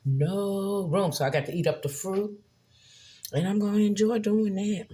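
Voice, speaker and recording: A woman's voice: medium pitch, normal speed, mellow. A woman, chatting casually to viewers while she cooks in her home kitchen. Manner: chatty, addresses viewers as y'all. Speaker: cooking vlogger. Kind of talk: casual cooking vlog.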